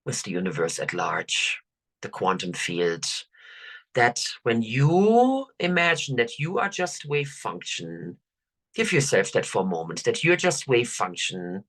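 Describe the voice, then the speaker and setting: An older woman coach, leading listeners through affirmations in a slow, soothing, drawn-out way. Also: rumbling low. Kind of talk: guided affirmation talk.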